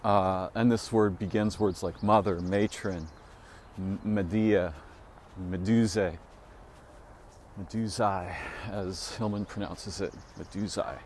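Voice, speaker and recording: Alone at the mic, a man muses aloud in a rambling, speculative way, often trailing off into fillers and restarts, his pitch leaping up on the points he stresses. His tone is steady and a little mellow, and he speaks a little slowly. There's slight background noise.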